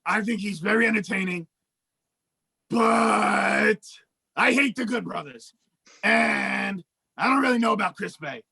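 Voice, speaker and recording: A man's voice: high voice, measured pace, vocal fry, pauses often, bright, forceful tone, husky, no room sound. A man co-hosting a casual wrestling podcast, blunt and jokey. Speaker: podcast co-host. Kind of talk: casual chat.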